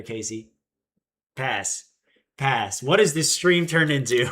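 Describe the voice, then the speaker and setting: Bright-voiced young man telling stories on stream. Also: medium pitch, slow, long pauses. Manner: animated storyteller acting out quotes. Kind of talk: casual livestream chat.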